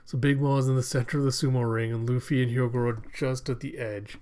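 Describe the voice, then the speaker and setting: A young man rambles through his manga chapter review, leaning on fillers and loose asides. His voice sits at an everyday middle pitch. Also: fairly even intonation, fast, mellow.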